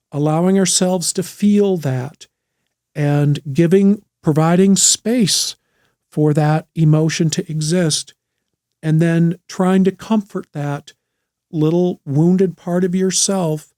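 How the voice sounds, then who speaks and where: A middle-aged man, a therapist and podcast host, talking through trauma healing in a slow, gentle, thoughtful way with frequent restarts. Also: high voice, no room sound, clean studio sound. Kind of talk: reflective solo talk on trauma healing.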